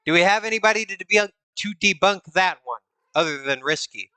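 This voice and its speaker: A man's voice: sits high, lively intonation, fairly quick, bright, forceful tone, clear, resonant tone, dry recording. A man streaming a building game, counting blocks under his breath, reading chat aloud and teasing viewers with mock suspicion. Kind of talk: casual live-stream chat while playing.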